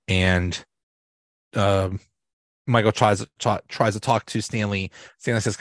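A man's voice: on the low side, steady tone, a little slow, no echo, studio quality. A man hosting a podcast, recapping TV episodes in a casual, rambling way with lots of fillers and restarts. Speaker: podcast host.

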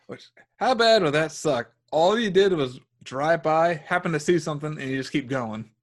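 A man's voice: fairly high pitch, animated, normal speed. A man co-hosting a casual film review chat, reflective and a bit hesitant, often repeating words. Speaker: podcast co-host.

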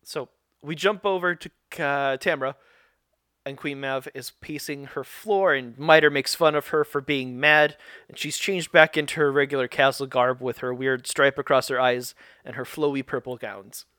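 Co-hosting a podcast, a man recaps a show in casual chat, rambling and laughing often. His mid-range voice is bright, forceful, clear, and resonant, with fairly even intonation and a moderate pace, recorded in clean studio sound with no room sound.

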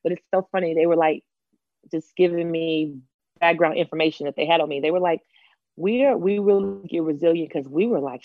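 Storytelling woman, lower voice. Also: brisk, no room sound, highs cut off. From Los Angeles. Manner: animated, acts out other people's lines. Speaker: guest. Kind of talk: candid storytelling interview.

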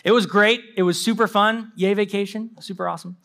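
A young adult man, a pastor, preaching a sermon with animated storytelling and mimicked voices. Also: high-pitched, brisk.

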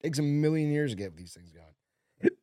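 A man's voice: on the high side, moderate pace, dry recording, clean studio sound. A man in his forties co-hosting a podcast, talking bluntly and with lots of swearing in casual chat. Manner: blunt, profane, animated. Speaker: podcast co-host.

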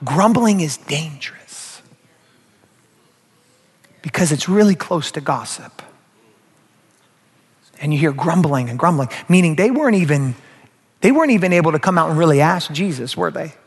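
Animated pastor preaching in an echoing hall. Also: male voice, on the high side, normal speed, pauses often, slightly rough. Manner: animated, acts out quoted voices, addresses the crowd directly. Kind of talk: sermon. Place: church sanctuary. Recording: long reverb of a large hall.

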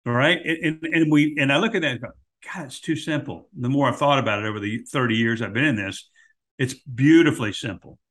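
A man's voice: medium pitch, fast, fairly bright tone. A man speaking as a podcast guest in a reflective way, using simple, plain phrasing.

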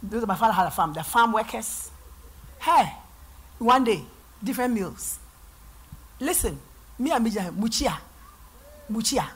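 A middle-aged woman pastor from Ghana with a Ghanaian accent, preaching a sermon in church and swinging between loud and soft. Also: on the high side, animated, measured pace, pauses often, husky.

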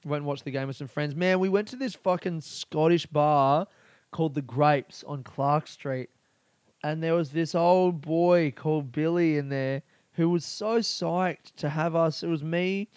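A man talks in a loose, rambling podcast monologue, swearing freely. His voice is smooth and resonant at a middle pitch. The sound is close and dry. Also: steady tone, measured pace, darkish tone, no echo. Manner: rambling, profane and laughing. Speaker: podcast host. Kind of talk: casual solo podcast monologue.

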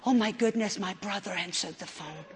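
A middle-aged woman preaching a sermon at a conference, telling a story with emphatic swings from hushed tones to shouting. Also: mid-range voice, a little fast. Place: conference hall. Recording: long hall reverb.

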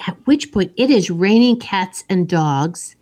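A woman's voice: medium pitch, animated, warm tone. A woman casually retelling a movie plot in a chat, slipping into the characters' lines as she goes. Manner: slow, storytelling with acted quotes.

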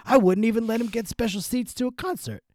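A man doing a comedic impression of a boastful, rambling male rock singer with a croaky, raspy voice. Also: very high-pitched, fast, a little mellow, no echo, studio quality, pitched above the performer's own voice. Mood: blustery. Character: gruff famous male rock singer, blustery.

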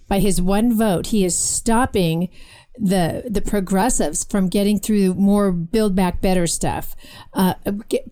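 A woman co-hosting a casual political talk show, chatty and lively, with quick asides and read-aloud comments. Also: mid-range voice, clear, resonant tone. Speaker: podcast co-host.

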